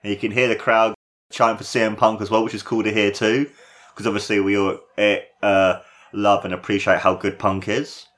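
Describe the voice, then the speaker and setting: A man giving casual, excitable play-by-play commentary on a wrestling match, his voice jumping up at big moves and swearing now and then. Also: fairly low pitch, normal speed.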